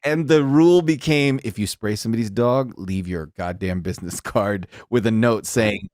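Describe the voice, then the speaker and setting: A man hosting a podcast, chatting and asking his guest questions in a relaxed way. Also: fairly low pitch, moderate pace, dry recording, clean studio sound. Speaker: podcast host. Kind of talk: casual podcast chat. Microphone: podcast studio mic.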